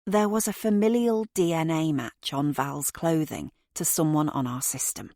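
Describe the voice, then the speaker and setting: A calm female police detective explains things courteously and patiently, read by a woman in an audiobook. Her voice is low and measured. The sound is dry and close. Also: no echo.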